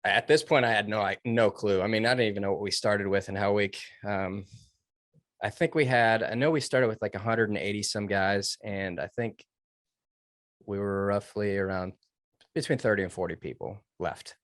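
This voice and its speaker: A man recounting his military training in an interview, earnest and emotional, with halting restarts. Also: on the low side, a bit bright, no echo, clean studio sound. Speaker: guest, former Navy SEAL trainee. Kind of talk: personal story told in an interview.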